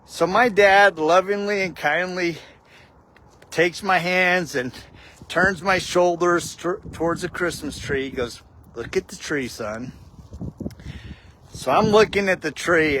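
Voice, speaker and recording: A man's voice: sits high, unhurried, sharp tone, slight background noise. A man casually telling a heartfelt personal story with a faith reflection, often saying "dude". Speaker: vlogger.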